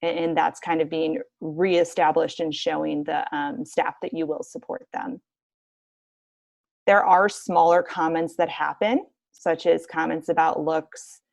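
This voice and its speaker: Woman, podcast guest, measured, gravelly fry, dry close sound. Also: sits low, flat delivery, darkish tone, no room sound. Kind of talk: casual podcast conversation.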